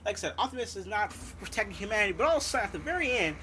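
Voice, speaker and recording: A woman's voice: medium pitch, big pitch swings, rapid-fire, a bit bright, a little hiss or hum. A woman delivering a heated, sarcastic, heavily profane movie rant on her audio show, with many restarts.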